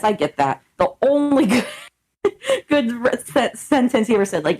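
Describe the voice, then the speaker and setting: A woman's voice: a little high, big pitch swings, normal speed, darkish tone, husky. A young woman co-hosting a podcast in casual chat, blunt and swearing freely as she acts out quoted exchanges. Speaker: podcast co-host.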